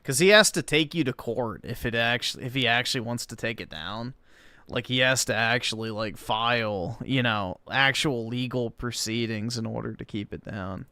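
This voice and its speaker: A man's voice: medium pitch, normal speed, pushed and bright, clear, resonant tone, no room sound. A man hosting a livestream who reads a crude viewer comment aloud, mocking it and laughing as he goes. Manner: mocking, breaks into laughter while reading. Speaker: livestream host.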